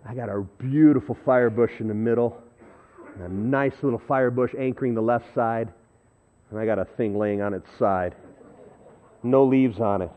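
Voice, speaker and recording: Male pastor, conversational sermon, animated delivery, tinny phone-quality sound. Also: medium pitch. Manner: conversational storytelling, self-deprecating; animated, shifting between loud and hushed. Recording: thin phone-like audio.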